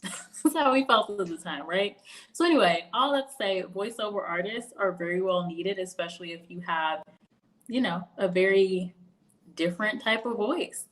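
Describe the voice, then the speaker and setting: A woman's voice: mid-range voice, moderate pace. A young woman hosting a casual livestream, chatting about careers with frequent laughs and storytelling asides. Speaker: career video host.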